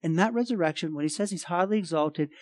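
A male pastor preaching a sermon, emphatic, swinging between loud and quiet and repeating phrases. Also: sits high, quick pace, no echo.

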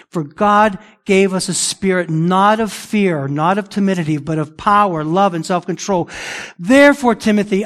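Male pastor, middle-aged, high voice, emphatic sermon delivery, repeats lines for stress.

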